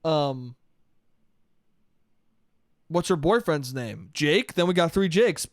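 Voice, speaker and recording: A man's voice: a little high, lively intonation, takes it slowly, no room sound, studio quality. A man around thirty rambling through a casual solo podcast, swearing often, mocking himself and laughing at his own stories. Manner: rambling, swearing, self-deprecating, laughs a lot. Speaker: podcast host.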